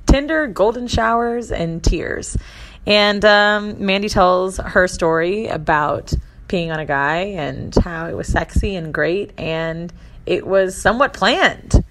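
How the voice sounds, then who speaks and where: A woman introducing a podcast episode in a quick, offhand, profane way. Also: mid-range voice. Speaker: podcast host. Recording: noisy, hissy recording.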